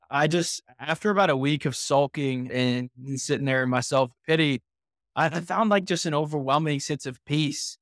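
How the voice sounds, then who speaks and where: Young man telling his story, smooth voice. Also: mid-range voice, a bit bright, no echo, studio quality. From Indiana. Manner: earnest, reflective, frequent "like" and restarts. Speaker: podcast guest. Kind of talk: personal storytelling in a podcast interview.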